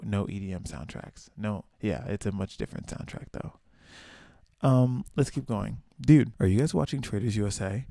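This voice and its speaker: A young man from the American South hosting a casual solo podcast, telling stories with swearing and playful high-pitched asides. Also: creaky, no echo, studio quality. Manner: animated storyteller, swears freely, acts out quotes in high voices. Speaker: podcast host.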